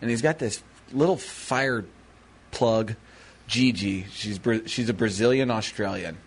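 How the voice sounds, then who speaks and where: A man's voice: on the low side, measured pace, breathy edge. A man co-hosting a radio show in casual banter, rambling and playful, sometimes slipping into silly voices. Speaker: radio co-host.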